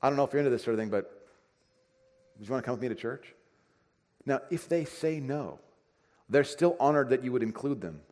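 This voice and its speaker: A pastor preaching a conversational sermon, acting out everyday dialogue. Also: male voice, mid-range voice, expressive, a little fast, long pauses, darkish tone. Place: church sanctuary. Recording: reverberant church hall.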